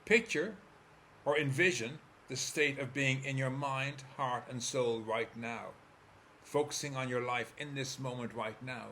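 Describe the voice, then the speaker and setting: An Irish man speaks as a therapist, leading the listener through a guided visualization. His delivery is calm and steady, coaching step by step at an ordinary middle pitch. A faint noise sits behind him. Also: measured pace.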